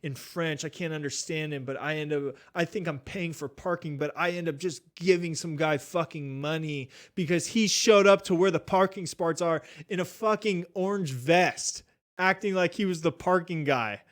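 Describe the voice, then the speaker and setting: Animated, swearing young man telling a story. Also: a little high, moderate pace. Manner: animated, swears a lot, acts out quotes. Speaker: podcast guest. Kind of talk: casual storytelling.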